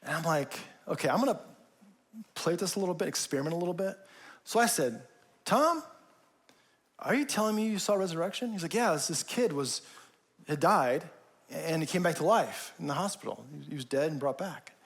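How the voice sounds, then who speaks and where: A man in his forties giving a sermon, telling a personal story, often dropping to a soft low voice for emphasis. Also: expressive, a little fast, vocal fry. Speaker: pastor.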